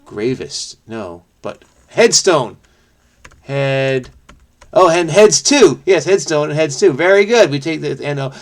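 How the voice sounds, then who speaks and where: A man thinking aloud as he solves a crossword, muttering to himself with many fillers and self-corrections, quick bursts between slower musing. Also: on the high side, animated. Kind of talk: thinking aloud while solving.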